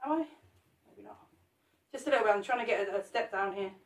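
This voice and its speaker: A woman's voice: medium pitch, fast, distant mic. Woman, live teaching demo, friendly joking manner, set back from the mic. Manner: chatty, jokey, talks to viewers while working. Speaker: cake artist teaching a live sculpt. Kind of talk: chatty live demonstration. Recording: roomy echo, off the mic.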